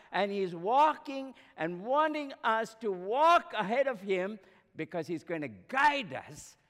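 A man delivering a sermon in a high voice, building phrases in repeated runs. He swells and then drops to near whispers. His voice carries a long reverb from a church hall. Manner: repetitive preaching cadence, swelling and dropping to near whispers. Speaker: pastor.

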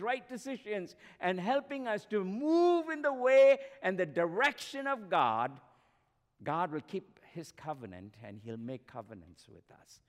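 A man delivering a sermon in a high voice, building phrases in repeated runs. He swells and then drops to near whispers. His voice carries a long reverb from a church hall. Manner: repetitive preaching cadence, swelling and dropping to near whispers. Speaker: pastor.

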